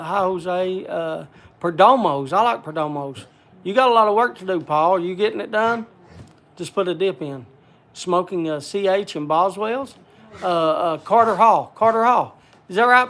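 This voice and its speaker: With a high, slightly bright voice, a man hosts a casual livestream, rambling as he reads out viewer names. He leans heavily on "uh" fillers and talks to his audience by name.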